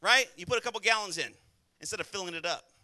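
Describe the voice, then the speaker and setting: A man preaching a sermon as pastor, talking quickly and emphatically, and calling out to the congregation for responses. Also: high voice, bright, forceful tone. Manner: rapid, conversational delivery.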